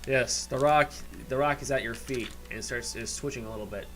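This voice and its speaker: Male game master, mid-pitched, halting narration. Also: music in the background, low-quality recording. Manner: halting, many fillers and restarts.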